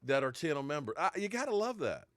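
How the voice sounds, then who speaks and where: A man hosts a casual live stream about football, rambling, reading viewers' comments, and slipping into playful mock heartbreak. His voice is a little high and bright, sing-song, and fast. The audio is clean studio sound with no room echo.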